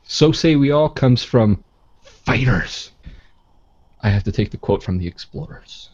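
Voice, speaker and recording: A man co-hosting a casual chat show, joking in a dry, deadpan way. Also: medium pitch, unhurried, lo-fi sound. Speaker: co-host.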